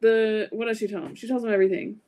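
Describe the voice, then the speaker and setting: A woman's voice: on the high side, fairly even intonation, fast talker, a little mellow. A woman in a casual movie chat, teasing and laughing a lot.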